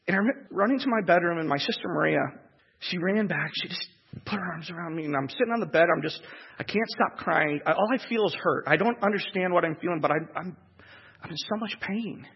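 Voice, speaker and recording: A man telling a personal testimony in an emotional, halting way, repeating words as he goes. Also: high voice, gravelly, breathy edge. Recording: echoey hall, dull lo-fi sound.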